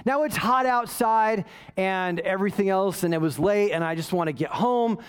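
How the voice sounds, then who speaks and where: A pastor telling a self-mocking story in a sermon, animated and often asking "right?". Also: male voice, sits high, moderate pace, smooth. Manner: self-mocking, waves arms while talking.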